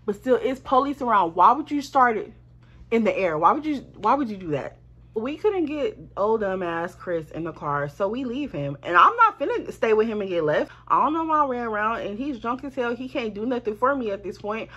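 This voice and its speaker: A woman telling a casual storytime to her viewers, animated and swearing freely. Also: fairly high pitch, a little fast, slightly rough. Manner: animated, swearing, slangy, addresses viewers as y'all. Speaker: storytime vlogger.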